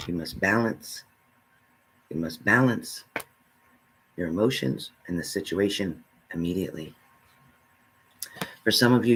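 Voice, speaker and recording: A man's voice: lowish voice, husky. A man giving a spiritual reading, speaking earnestly and straight to the listener, repeating his phrases. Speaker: spiritual reader.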